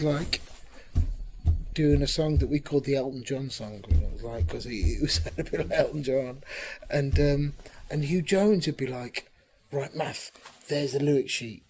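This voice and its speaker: A man being interviewed about his band, telling stories in a chatty, lively way, sometimes dropping to a whisper for emphasis. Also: a little high, moderate pace. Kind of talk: casual anecdotal interview.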